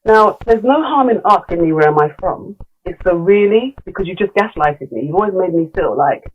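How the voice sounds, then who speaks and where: A woman's voice: on the low side, animated, fairly quick, few pauses, husky, narrow, tinny audio. A middle-aged woman, a guest in a casual podcast conversation, talking candidly with many fillers and restarts. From London. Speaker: guest, leadership coach.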